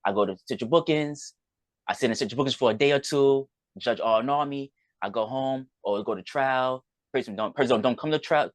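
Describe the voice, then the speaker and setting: A man appears as a podcast guest, telling a personal story in a rambling, conversational way and often acting out what other people said. His voice sits in the mid-range and moves a little fast, with no room sound.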